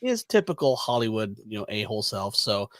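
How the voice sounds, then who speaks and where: Man, laid-back storyteller, lively pitch, dry close mic. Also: a little fast, no room sound. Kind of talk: casual chat.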